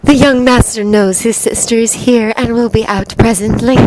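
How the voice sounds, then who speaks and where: A woman's voice: a little high, fairly even intonation, moderate pace, darkish tone, slight background noise, close to an everyday voice, low-quality recording. A woman voicing a composed, formal household maid. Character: calm, formal middle-aged female maid.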